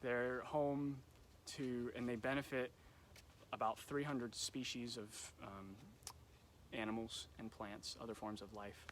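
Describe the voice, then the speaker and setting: A young man with a medium-pitched, fairly flat voice talks slowly, with a little hiss or hum from a phone or camera on a live stream. A nature center camp educator, he runs casual nature trivia for kids from the nature center, chatty and loose with lots of ums.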